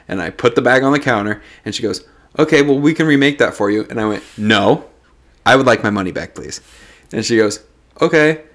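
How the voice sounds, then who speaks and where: Man, casual co-host, swears a lot, tells stories with a laugh, mid pitch. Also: a little fast. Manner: profane, animated storytelling with bursts of laughter. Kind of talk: casual storytelling chat.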